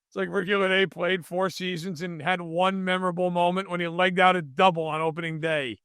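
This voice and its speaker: A man's voice: high voice, flat delivery, brisk, few pauses, fairly bright tone, smooth, dry recording, clean studio sound. A man co-hosting a podcast, ranting in mock outrage over sports in casual chat. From New York state. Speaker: podcast co-host.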